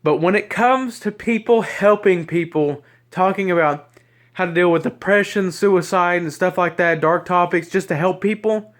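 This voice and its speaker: A man's voice: high-pitched, normal speed, a bit bright. A man with a Southern US accent ranting to camera as a YouTuber. He is upset and agitated, rambling and stammering over repeated words, recorded on a handheld camera mic.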